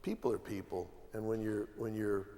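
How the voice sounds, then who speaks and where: A man's voice: on the low side, fairly even intonation, normal speed, dark tone. A man from the American Midwest, an archbishop speaking as a guest on a panel. He talks emphatically, piling up repeated phrases and restarting his sentences. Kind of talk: conversational panel talk. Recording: long hall reverb.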